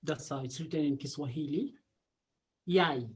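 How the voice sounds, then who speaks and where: A man teaching a casual online Swahili lesson, repeating words slowly and laughing often. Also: fairly high pitch.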